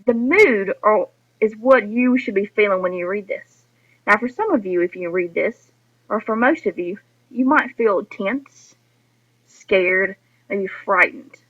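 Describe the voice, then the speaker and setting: Bright-voiced woman teaching a lesson. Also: mid-range voice, expressive, unhurried. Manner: patient, explanatory, addresses students directly. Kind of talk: recorded classroom lesson. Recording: dull lo-fi recording.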